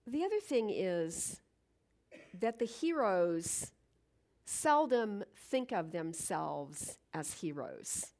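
A woman's voice: medium pitch, very animated, slow, a little mellow. A middle-aged woman giving an earnest, reflective inspirational talk, with fillers and restarts. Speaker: speaker.

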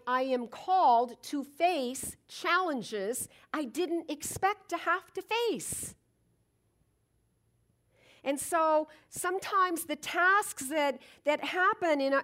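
A woman with a high voice gives an unhurried spiritual talk. She speaks slowly, and her pitch swings widely as she acts out everyday stories. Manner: animated storytelling, acts out moments.

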